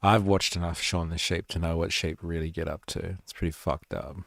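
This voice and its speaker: A man's voice: low voice, flat delivery, a little fast, gravelly, a bit bright, no echo, clean studio sound. A man with an Australian accent hosting a live stream, talking casually with sarcasm and plenty of swearing. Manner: sarcastic, swears freely, rambling.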